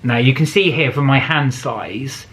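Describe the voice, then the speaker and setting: A man co-hosting a food vlog in a casual, rambling way, trailing off and restarting as he talks. His voice sits at an ordinary mid pitch. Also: measured pace, a bit bright. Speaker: vlog co-host. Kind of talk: casual chat.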